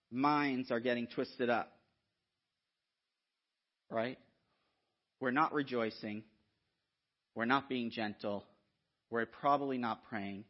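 A man preaching a sermon in an animated, conversational way, often checking in with the listeners. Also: medium pitch. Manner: animated, conversational, frequent "right?" asides. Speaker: guest preacher. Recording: dull lo-fi sound.

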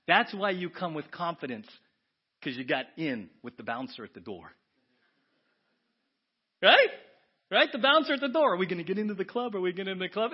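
A man preaching a sermon as pastor, animated, swinging from hushed asides to loud exclamations. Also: high-pitched, fairly quick, slightly rough, dull audio. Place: church sanctuary.

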